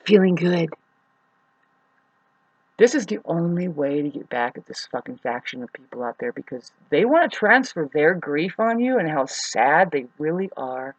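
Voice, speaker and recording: A woman talking in a rambling, frustrated monologue, swearing often, with sudden swings between loud outbursts and quieter muttering. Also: sits low, expressive, moderate pace, no echo, rough recording. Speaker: astrology vlogger.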